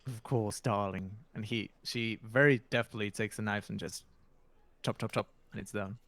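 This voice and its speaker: A man's voice: on the low side, fairly even intonation, normal speed, a bit bright, dry recording. A man acting as game master, narrating a tabletop game in a loose, rambling way.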